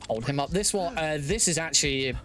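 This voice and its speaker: A young man talking through his own game speedrun live, chatty and quick to laugh, thinking aloud as he plays. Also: fairly high pitch, expressive, a bit bright, soft background music. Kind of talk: live gameplay commentary.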